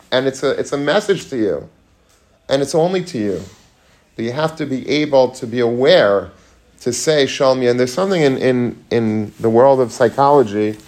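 Rabbi guy talking to students, chatty, keeps asking the room stuff, drops hebrew words. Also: medium pitch. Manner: conversational, asks the audience questions, mixes Hebrew and Yiddish terms. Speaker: rabbi giving a talk to students. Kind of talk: informal Torah lecture. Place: room with a live audience.

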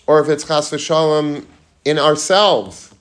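A rabbi with a fairly high voice speaks slowly, giving an informal Torah lecture to students in a room with a live audience. He keeps it chatty and conversational, putting many questions to the room and mixing in Hebrew and Yiddish terms.

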